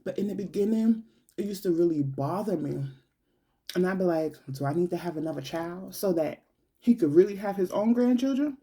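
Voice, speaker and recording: A young adult woman talks slowly and from the heart in a personal monologue. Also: on the low side, animated, warm tone, slightly rough. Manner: slow, heartfelt, colloquial and conversational. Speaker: vlogger.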